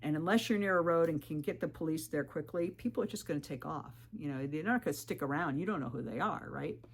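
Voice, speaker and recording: A woman with a low, slightly rough voice talks fast as a thru-hiker video creator telling a story to camera. She's candid, emphatic and animated, warning viewers and acting out conversations with "I'm like" quotes.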